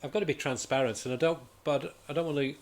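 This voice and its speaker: A man's voice: a little high, steady tone, fast talker, slight background noise. A man reviewing comics in casual chat, talking in an enthusiastic, rambling way and often restarting his sentences.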